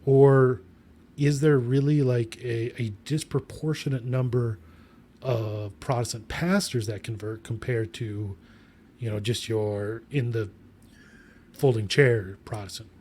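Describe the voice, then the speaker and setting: A man co-hosts a podcast in casual chat. He is wry and thoughtful, with a teasing streak, and his voice sits at an ordinary middle pitch. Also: fairly even intonation, slow pace, warm tone, a little hiss or hum. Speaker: podcast co-host.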